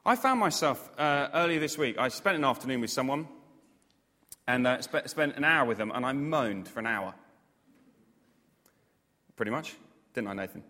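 A man preaching a sermon, animated and self-mocking, with jokey asides to the congregation. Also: mid-range voice, moderate pace, long pauses. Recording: long hall reverb.

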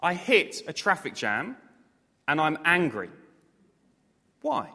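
A man preaching a sermon, animated and self-mocking, with jokey asides to the congregation. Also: fairly high pitch, slow pace, husky. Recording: long hall reverb.

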